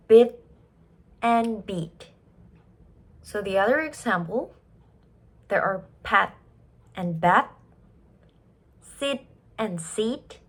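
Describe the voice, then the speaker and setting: A woman giving a class presentation, emphatic and expressive, dwelling on each example word. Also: mid-range voice. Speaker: student presenter.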